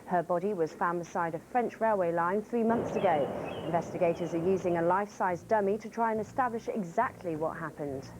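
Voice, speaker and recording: A woman reading a short news bulletin in a steady, clear way. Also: fairly low pitch, fairly quick, noisy background. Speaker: newsreader.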